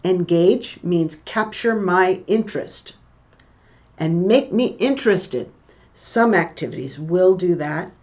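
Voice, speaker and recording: Slow, deliberate woman reading an English lesson. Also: lowish voice, expressive, a little mellow, dull audio. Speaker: English teacher. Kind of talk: reading aloud and explaining a text.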